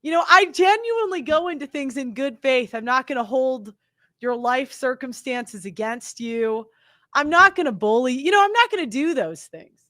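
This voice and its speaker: A woman's voice: sits high, expressive, moderate pace, fairly bright tone, no room sound. A young woman hosting her own show, talking in an indignant, defensive monologue full of "like" and "you know", acting out the people she quotes. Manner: mimics others in quoted lines. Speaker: show host. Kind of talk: opinionated monologue to camera.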